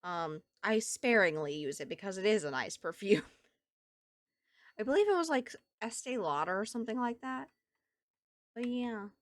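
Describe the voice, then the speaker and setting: A woman's voice: medium pitch, animated, normal speed, pauses often, no room sound. A woman with a Southern US accent streaming a game, chatting casually with her viewers and thinking aloud as she plays. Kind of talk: casual gameplay chat with viewers.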